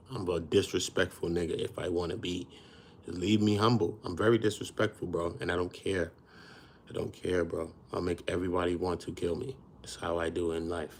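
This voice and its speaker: Gravelly guy on a livestream, low voice, brags a lot, blunt street slang. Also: slight background noise. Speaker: livestream host. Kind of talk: casual livestream chat.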